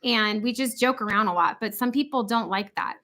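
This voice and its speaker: A middle-aged woman hosting a casual livestream chat from home, animated and jokey, quick to slip into funny voices. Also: on the high side. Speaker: livestream host.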